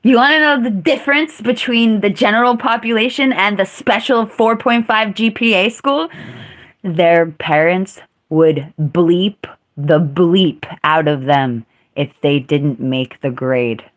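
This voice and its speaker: Female streamer, unhurried, blunt and profane storyteller. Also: mid-range voice. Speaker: live streamer. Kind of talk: casual storytelling.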